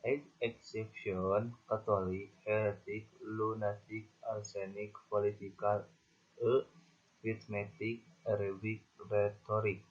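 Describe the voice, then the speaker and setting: A man with an Indonesian accent reading lists of example words from a class presentation in a flat monotone. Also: lowish voice, unhurried. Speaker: student presenter. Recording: dull lo-fi recording.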